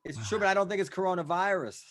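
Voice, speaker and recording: A male comedian bantering on a video call in an animated, teasing way. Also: high voice, fast talker. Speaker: comedian guest.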